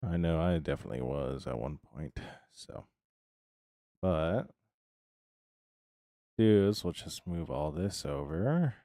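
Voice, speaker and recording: Deep, mellow American man chatting on stream. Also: animated, takes it slowly, long pauses, dry recording, studio quality. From United States. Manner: rambling and chatty, answers chat by name. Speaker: live streamer. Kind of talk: casual live-stream chat while building in a game.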